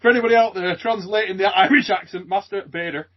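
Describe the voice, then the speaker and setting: A man's voice: high-pitched, steady tone, fast talker, noisy background. A male interviewer hosting a casual chat, joking and laughing often, calling his guest "mate" and "son". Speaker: interviewer and channel host. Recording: muffled lo-fi audio.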